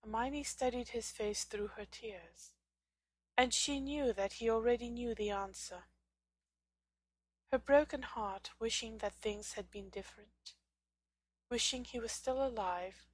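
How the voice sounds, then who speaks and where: A woman narrating a fan fiction audiobook in a dramatic, expressive storytelling manner. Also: on the high side, unhurried, slightly rough, no room sound.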